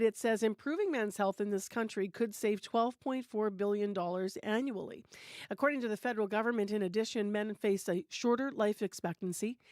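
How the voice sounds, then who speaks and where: Woman, morning radio host, casual, dry studio sound, mid pitch. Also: no echo. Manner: relaxed, filler-heavy delivery. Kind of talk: live radio hosting and weather. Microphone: studio microphone.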